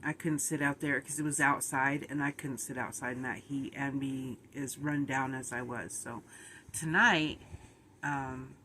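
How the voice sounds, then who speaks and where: A middle-aged woman talks to her vlog audience in a loose, rambling way, giggling now and then. Her voice is bright and a little sharp. She sounds tired and worn down. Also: a bass voice, slight background noise. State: tired, run down. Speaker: vlogger. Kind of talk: casual vlog chat.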